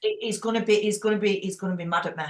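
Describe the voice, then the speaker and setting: A woman leading a group call, chatty and frank, quick to laugh. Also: mid-range voice, fairly even intonation, echoey room. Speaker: team leader hosting a group call. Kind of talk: casual chat.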